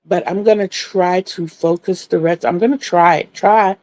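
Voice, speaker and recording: A woman's voice: lowish voice, steady tone, moderate pace, a little mellow, no echo. A middle-aged woman hosting a crochet livestream, telling stories in a chatty way and answering viewers' comments.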